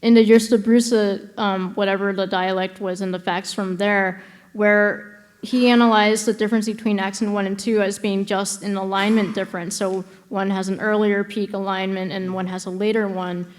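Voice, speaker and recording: A woman's voice: mid-range voice, little pitch movement, moderate pace. A woman in the audience asking a long, hesitant academic question from the floor, full of fillers and restarts.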